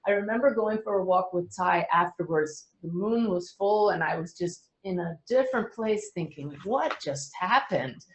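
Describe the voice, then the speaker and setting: Middle-aged woman, lowish voice, earnest explainer with a light touch of humor, roomy echo. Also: moderate pace, few pauses. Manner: earnest, gently humorous storytelling. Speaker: medium and speaker. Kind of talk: explaining to a webinar audience.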